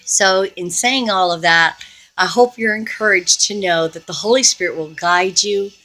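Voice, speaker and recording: A woman's voice: medium pitch, moderate pace, sharp tone, soft background music. A woman hosting a Christian video, telling a personal testimony story in an earnest, conversational way with frequent fillers.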